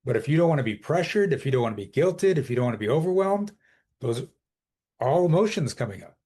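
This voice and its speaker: Husky-voiced man coaching with emphatic conviction. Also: fairly high pitch, sing-song, fast, mellow. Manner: emphatic, explains with quoted inner dialogue. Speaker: transformational coach, podcast guest. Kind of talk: conversational podcast interview.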